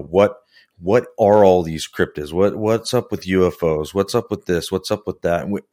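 A man with a very low, deep voice who talks slowly and deliberately. He is earnest and measured, building his point through a string of questions. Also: darkish tone. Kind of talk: casual discussion.

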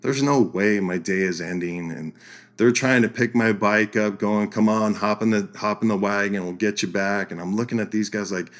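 Man, lowish voice, podcast guest, casual storytelling, laughs between lines. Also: moderate pace. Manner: animated storyteller, laughs through his lines.

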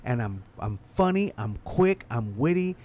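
A man's voice: medium pitch, big pitch swings, measured pace, a little mellow, a little hiss or hum. A male stand-up comedian in a casual chat, talking loosely and profanely with many restarts.

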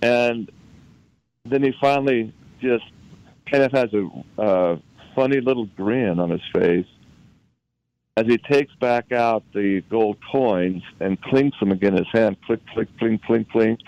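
Low-voiced man telling a story. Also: a little mellow, dry recording, dull audio. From Utah. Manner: halting, repeats words while recalling events. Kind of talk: anecdotal storytelling in conversation.

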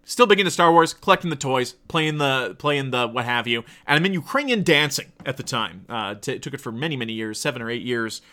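A man's voice: medium pitch, expressive, a little fast, few pauses, bright, forceful tone. A man in his thirties telling a casual, profane, digressive story about his past. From Canada. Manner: profane, digressive, self-deprecating. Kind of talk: casual rambling anecdote.

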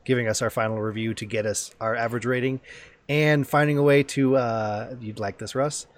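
A man's voice: mid-range voice, fairly even intonation, a little fast. A man hosting a podcast in a casual chat, joking and teasing, trailing off and restarting. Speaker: podcast host.

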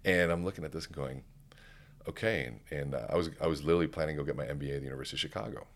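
A man's voice: a bass voice, racing, gravelly. A man telling a story in casual conversation as a podcast guest, acting out what people said. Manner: animated, acts out quoted dialogue. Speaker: podcast guest, keynote speaker.

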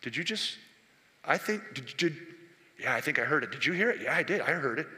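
A man in his sixties voicing loyal soldiers who whisper to each other in a hushed, conspiratorial way. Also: on the high side, fairly even intonation, measured pace, gravelly, big-room sound, heavily acted.

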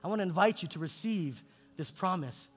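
A male pastor preaching in a church, his delivery swinging between soaring emphatic peaks and hushed low lines. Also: expressive, brisk, breathy edge. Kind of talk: sermon with altar call. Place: church sanctuary. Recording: long hall reverb with faint music.

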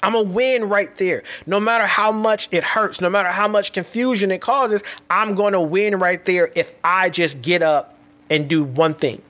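A man with a notably high voice hosts his own podcast and talks through his thoughts alone. He moves quickly and restlessly, doubling back on words and tossing in casual slang as he goes. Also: a bit bright. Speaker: podcast host. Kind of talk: reflective solo podcast monologue.

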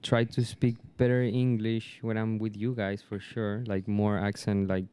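A man whose first language is Spanish, chatting casually in English and often pausing to search for words. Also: on the low side, little pitch movement, mellow, clean tone. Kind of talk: casual chat.

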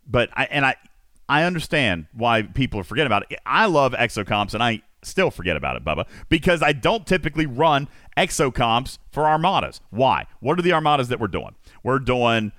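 A man's voice: mid-range voice, sing-song, fairly quick, a bit bright, no echo, studio quality. A man hosting a casual gaming chat, teasing his co-hosts and rambling through tips. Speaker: podcast host.

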